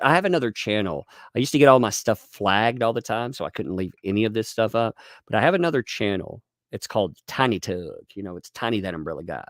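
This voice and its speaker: Gravelly, lively-voiced man hosting a livestream. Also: fairly low pitch, dry recording, clean studio sound. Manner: animated, rambling, with frequent restarts and laughs. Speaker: livestream host reading viewer donations. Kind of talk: casual livestream commentary.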